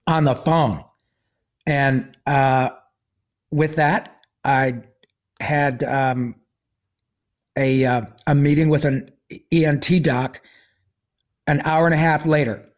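A man's voice: on the high side, fairly even intonation, takes it slowly, pauses often. A man telling a personal story as a podcast guest in a casual, rambling way, full of fillers and restarts and with a wry sense of humor.

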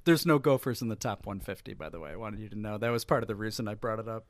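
A man hosting a sports podcast, talking in a joking, teasing, excitable way. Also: fairly low pitch, rapid-fire, dry recording. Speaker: podcast host. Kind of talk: casual sports podcast banter.

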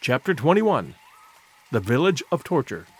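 A man reading a classic adventure novel aloud as an audiobook narrator, in an expressive, dramatic storytelling manner. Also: mid-range voice, unhurried, husky.

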